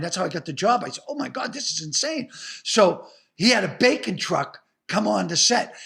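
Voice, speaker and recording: A man's voice: sits high, vocal fry, a bit bright. An older man with a Boston accent, an actor and comedian telling profane, rambling stories with lots of restarts in an interview. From Boston area. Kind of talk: animated storytelling in an interview.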